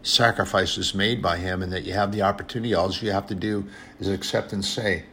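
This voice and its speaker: A man's voice: low-pitched, steady tone, a little fast, pushed and bright, a little hiss or hum. A man preaching an informal sermon in an earnest, conversational way, often repeating phrases and addressing brothers and sisters.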